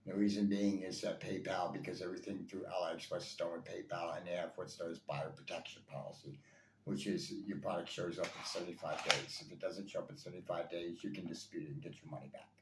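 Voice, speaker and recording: A man's voice: deep voice, little pitch movement, fast, fairly bright tone, a little hiss or hum. A man reviewing toy blasters in casual chat, enthusiastic and rambling, with lots of fillers and repeats. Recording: echoey room, faint ambience.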